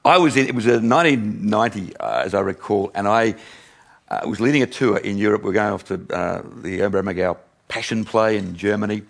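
A man's voice: fairly low pitch, a little fast, vocal fry. An older man preaching a sermon to his congregation, chatty and self-mocking, often laughing with the crowd. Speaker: pastor.

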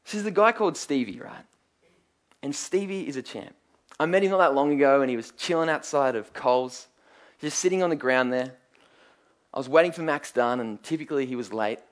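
A man's voice: mid-range voice, fairly quick. A man preaching a sermon, earnest and emphatic, telling stories and asking rhetorical questions.

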